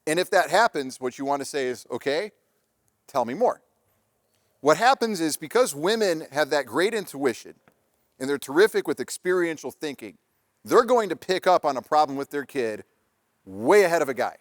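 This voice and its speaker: A man's voice: a little high, very animated, fairly quick, no room sound. Male speaker for a relationship talk, casual and anecdotal, restarts often, dry sound. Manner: conversational, anecdotal, with frequent restarts. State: married father. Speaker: presenter on relationships and parenting. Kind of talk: live presentation talk.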